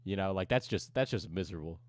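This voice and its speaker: A man's voice: sits low, quick pace, dry recording. Rambling man streamer, dry sound. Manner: rambling, chuckling often. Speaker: streamer reacting to videos. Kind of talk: casual reaction commentary.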